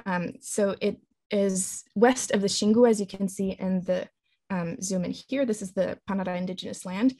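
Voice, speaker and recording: A woman presenting a linguistics talk with slides, explaining in a measured way with frequent ums and restarts. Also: mid-range voice, mellow, no echo.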